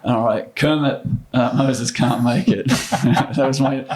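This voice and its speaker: A man in his fifties with an Australian accent, a former basketball player telling stories as a guest, animated and quick to restart. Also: mid-range voice. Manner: animated anecdotes, frequent restarts and laughs. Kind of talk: casual storytelling.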